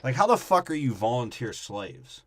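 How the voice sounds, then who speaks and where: A man's voice: medium pitch, sing-song, normal speed, fairly bright tone. A man co-hosting a podcast, riffing on a movie plot in crude, profane casual chat. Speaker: podcast co-host.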